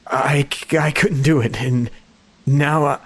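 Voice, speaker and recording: An actor playing an anguished young husband under a dark curse in a horror audio story, confessing in halting, stammering bursts. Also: male voice, medium pitch, fairly even intonation, slightly rough. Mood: tormented confession.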